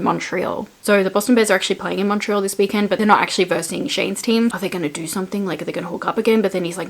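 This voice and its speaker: A woman's voice: on the low side, fairly even intonation, fast, hardly any pauses. A young woman chatting through a casual book recap, laughing often and filling her talk with "like". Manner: giggly, chatty, filler-heavy with lots of "like". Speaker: book reviewer.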